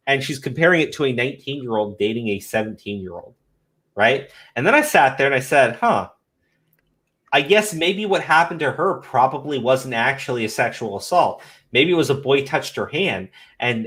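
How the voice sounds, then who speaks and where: Man hosting a commentary stream, mid-pitched, swears a lot and rants with scorn. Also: a bit bright. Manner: profane, scornful, repeats himself. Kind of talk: casual ranting commentary.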